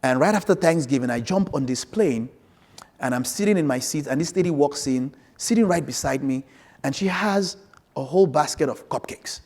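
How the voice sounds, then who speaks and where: A man giving a conference keynote on stage, telling an anecdote in an animated way and acting out both sides of the conversation. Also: on the high side, moderate pace. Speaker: keynote speaker.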